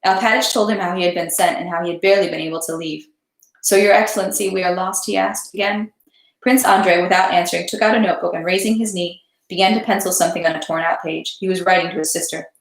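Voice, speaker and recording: A woman reading a classic novel aloud in a steady voice, then chatting casually about the story. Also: fairly low pitch, fast, gravelly. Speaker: read-aloud host. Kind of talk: literary narration, then casual chat. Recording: roomy echo.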